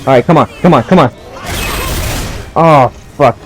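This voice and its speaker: A man's voice: mid-range voice, normal speed, faint music behind, low-quality recording. Casual young man swearing through gameplay. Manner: casual, laughing, swearing while playing. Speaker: gaming channel host. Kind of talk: gameplay commentary with storytelling.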